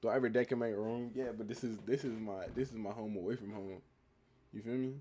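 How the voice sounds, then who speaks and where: A man's voice: fairly low pitch, fast talker, slight background noise. A nineteen-year-old man from the United States, chatting casually on a livestream and answering viewers' comments as he reads them. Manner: relaxed, reading chat comments aloud and answering them. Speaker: livestream host. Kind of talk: casual live-stream chat answering comments.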